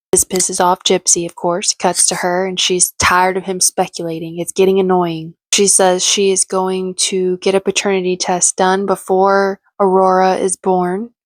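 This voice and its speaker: A woman's voice: medium pitch, no echo. A woman giving casual, sarcastic, opinionated commentary as she recaps a reality show.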